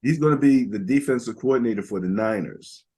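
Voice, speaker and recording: A man's voice: medium pitch, fairly quick, dark tone, slightly rough. An older man co-hosting a casual football podcast, rambling through stats with lots of fillers. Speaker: podcast co-host. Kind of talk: casual sports talk.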